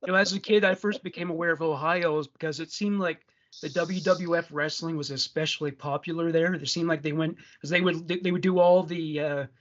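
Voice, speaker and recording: A man's voice: on the high side, fairly even intonation, fairly quick. A man co-hosting a true crime podcast, chatting loosely with many restarts. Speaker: podcast co-host. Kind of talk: casual true crime chat. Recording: dull lo-fi sound.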